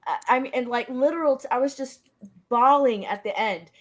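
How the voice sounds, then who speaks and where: A woman's voice: high voice, moderate pace. A woman in casual chat, gushing about favorite scenes and acting out lines as she recalls them. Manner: gushing, quotes scenes in little acted lines. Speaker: podcast co-host.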